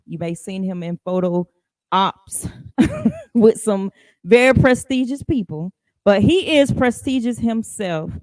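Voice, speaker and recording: A woman hosting a live podcast in a casual, chatty way, greeting viewers by name and rising high in pitch for emphasis. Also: darkish tone, no echo. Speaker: podcast host.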